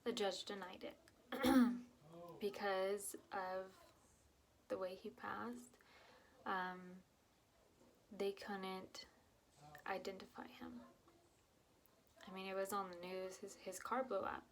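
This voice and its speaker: A young woman telling her own painful story to camera, halting and emotional, with many fillers and restarts, dropping to a whisper at the hardest parts. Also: medium pitch, fairly even intonation, creaky. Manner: drops to whispers at painful moments.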